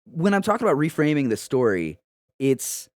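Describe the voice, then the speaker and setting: A man's voice: on the high side, very animated, moderate pace, dry recording, studio quality. A man co-hosting a casual history podcast, rambling and swearing and laughing at his own jokes. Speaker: podcast co-host.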